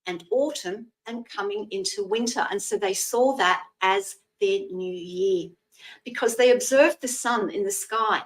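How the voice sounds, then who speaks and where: A woman's voice: a little high, distant mic, low-quality recording. A woman in her sixties hosting a live psychic reading show, chatty and thanking viewers by name as she explains old traditions.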